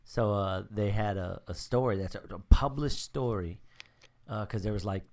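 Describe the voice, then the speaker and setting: A man co-hosting a podcast in casual chat, telling stories in a halting way with repeated words and fillers. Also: fairly low pitch, a little mellow. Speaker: podcast co-host.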